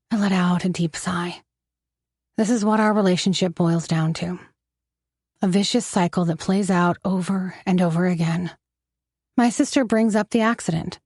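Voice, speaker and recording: A woman narrating a romance audiobook in the first person, with steady, wry storytelling on a close mic. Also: medium pitch, no room sound.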